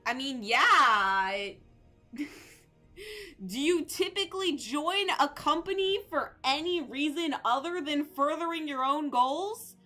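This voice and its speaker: A young woman streaming a game, reading its text aloud and reacting in an excitable, joking way, swearing and shouting at times. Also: high-pitched, slow pace, faint music behind.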